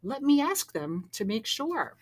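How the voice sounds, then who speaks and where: Woman doing a calm, kindly baker. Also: fairly high pitch, measured pace, noisy background, pitched above the performer's own voice. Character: kindly matter-of-fact male baker.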